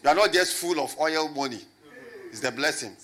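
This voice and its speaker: A man preaching a lively sermon as a pastor, swinging from loud shouts to low asides and calling on the congregation to answer. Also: moderate pace. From Ghana. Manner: animated, rising to shouts and dropping low, with call and response.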